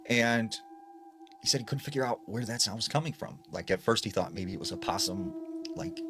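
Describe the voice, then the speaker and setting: A low-voiced man recounts eerie encounters in a loose, conversational way, his pitch rising and falling with the telling. Steady background noise hangs behind him throughout. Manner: chatty, full of "like" and "you know" fillers. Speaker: storyteller. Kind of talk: casual spoken storytelling. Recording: noisy background ambience.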